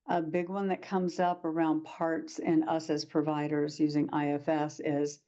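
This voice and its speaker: A woman's voice: sits low, little pitch movement, measured pace, warm tone, dull audio. A woman presenting a workshop lecture to practitioners, talking in a conversational way and acting out short quoted exchanges.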